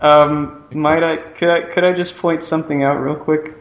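A man's voice: a little high, steady tone, moderate pace. A man co-hosting a casual podcast, dry and argumentative, fond of rhetorical questions. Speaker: podcast co-host. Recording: roomy echo.

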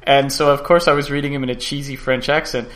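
A man's voice: mid-range voice, flat delivery, fast talker, a bit bright. A man co-hosting a podcast, chatting casually and often stumbling over his words. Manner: stumbling, repeats words, trails off. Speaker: podcast co-host. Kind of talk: casual chat.

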